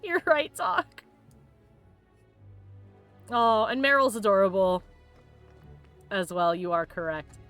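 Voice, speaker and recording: A woman hosting a let's play, chatting and giggling excitably as she plays a video game. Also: medium pitch, takes it slowly, long pauses, faint music behind. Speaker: host.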